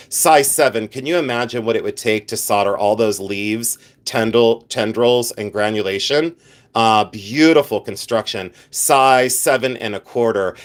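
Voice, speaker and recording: A man hosting a live vintage jewelry sale, chatting casually and rambling as he answers viewers by name, joking at his own expense. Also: on the low side. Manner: self-mocking with bursts of playful laughter. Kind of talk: casual livestream selling chat.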